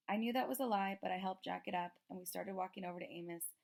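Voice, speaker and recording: A woman reading a children's novel aloud with steady storytelling. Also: on the low side, fast, gravelly. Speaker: reader.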